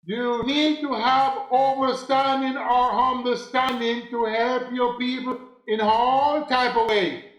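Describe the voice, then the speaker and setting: A man with a very high voice delivers a spiritual talk at an unhurried, deliberate pace. He preaches and repeats his phrases for emphasis. The recording sounds roomy and echoey. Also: steady tone, a bit bright. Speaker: spiritual teacher. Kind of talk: preaching monologue.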